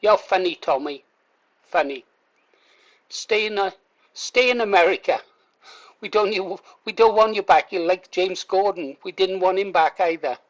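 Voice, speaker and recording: A man's voice: sits high, steady tone, normal speed, dull audio. A man hosting a reaction video, mocking and heckling a played clip with sarcastic asides. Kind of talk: commentary over a played clip.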